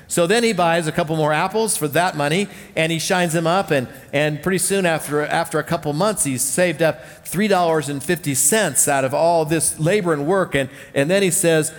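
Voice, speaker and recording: A man's voice: a little high, moderate pace, few pauses. Earnest male preacher in a reverberant hall. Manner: earnest, repeats key phrases, many restarts. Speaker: pastor. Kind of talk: sermon.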